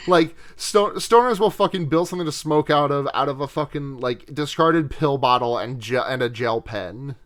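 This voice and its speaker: A man's voice: medium pitch, normal speed. A man co-hosting a podcast, recapping a film in casual chat, rambling and swearing with frequent laughs. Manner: rambling, profane, laughs often. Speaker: podcast co-host.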